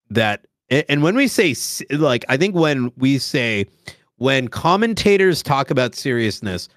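A man's voice: medium pitch, fairly bright tone, no echo, studio quality. A man hosting a casual chat, laid-back and slangy, often restarting his sentences. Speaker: host streamer. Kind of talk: casual chat about roleplay gaming.

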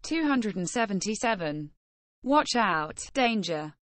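A woman reads short practice phrases and their numbers at a very unhurried pace, pronouncing each one with care. Her voice is recorded dry and close, with no room sound. It suits a lesson for beginners. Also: medium pitch, sing-song, fairly bright tone, no room sound. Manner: measured, carefully enunciated phrase-by-phrase reading. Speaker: language lesson reader.

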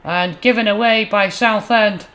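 A man with a high, light voice runs a gaming channel and calls his own football game matches like a broadcast commentator. He keeps an easy patter through the build-up and jumps sharply louder when a shot goes close or the ball hits the net. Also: unhurried. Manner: excitable, bursts loud on chances and goals. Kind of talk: playful mock match commentary over gameplay.

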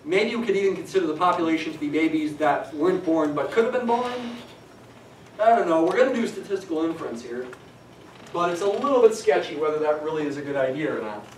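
A man's voice: a little high, lively intonation, quick pace, distant mic, a little hiss or hum. Chatty male lecturer in an echoey classroom. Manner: chatty, digressive, dry humor. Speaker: statistics lecturer.

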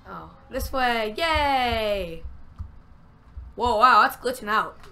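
Bright-voiced woman narrating a game. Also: a little high, unhurried, creaky. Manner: chatty, narrates every move to herself, excitable. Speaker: gamer. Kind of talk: let's-play commentary.

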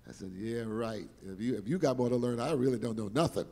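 An older man telling showbiz stories on stage, animated and exclamatory, repeating words for emphasis. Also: medium pitch, quick pace, long reverb tail. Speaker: guest performer telling stories. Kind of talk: animated storytelling interview. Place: stage in a large hall.

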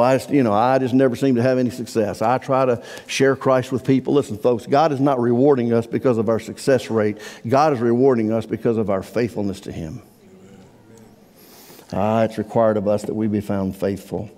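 A man preaching in a church with a voice of middling pitch that rings out in a long-echoing hall. He swings from hushed, slowed passages to near-shouted cries, pressing each point home. It is a live sermon delivered to a congregation. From Iowa. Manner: impassioned preaching, swelling to near-shouts on quoted words. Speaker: pastor. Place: church sanctuary.

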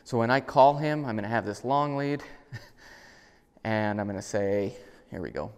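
Low-voiced man teaching dog training. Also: unhurried, pauses often, smooth, long reverb tail. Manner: relaxed explaining, bursts into high, loud, upbeat dog commands. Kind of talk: casual instructional talk. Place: indoors in a house.

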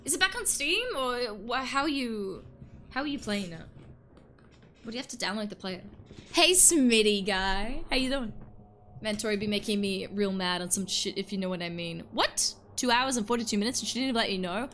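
A woman's voice: medium pitch, brisk, fairly bright tone, a little hiss or hum. A woman chatting casually on a live stream while playing a game, joking and greeting her chat between yawns.

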